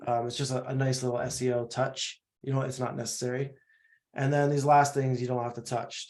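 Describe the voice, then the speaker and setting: A man's voice: mid-range voice, darkish tone. A man talks through a screen-share tutorial on a video call. His delivery is casual and explanatory, with the odd halt and restart as he goes step by step. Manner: casual, explanatory, a bit halting. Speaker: no-code platform expert demonstrating.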